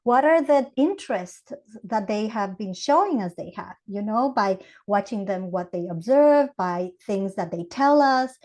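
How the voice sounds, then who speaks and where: A woman from Ecuador with an Ecuadorian Spanish accent, a Montessori educator explaining ideas with animated acted-out examples in a podcast interview. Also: mid-range voice, unhurried, few pauses.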